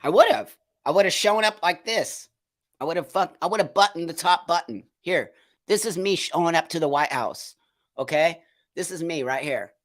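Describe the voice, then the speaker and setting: A man with a fairly high voice hosts a live stream at a moderate pace, addressing viewers and reading their comments. He rants emphatically and indignantly, repeating phrases for effect.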